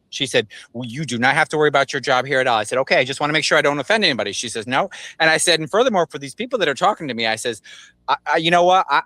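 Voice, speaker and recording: A man talks fast in a casual podcast chat, bright and somewhat high in pitch. He is blunt and excitable and breaks into quick laughs. His voice is recorded dry and close. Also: dry recording. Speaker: podcast co-host.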